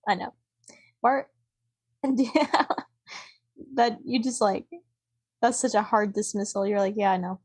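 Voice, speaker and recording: A woman's voice: mid-range voice, slow pace, long pauses, darkish tone, slightly rough. A woman chatting casually and teasing her co-host back and forth. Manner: teasing banter with frequent laughs. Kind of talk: casual chat.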